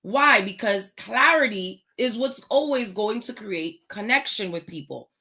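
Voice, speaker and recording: Slow, bright-voiced woman giving a motivational talk. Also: medium pitch, lively intonation. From United States. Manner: slow, emphatic, with pointed rhetorical questions. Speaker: host.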